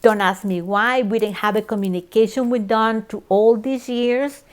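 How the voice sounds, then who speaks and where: A woman's voice: on the high side, steady tone, moderate pace. Earnest middle-aged woman telling her story. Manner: emotional, repetitive, earnest. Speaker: church member sharing her story. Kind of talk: personal testimony.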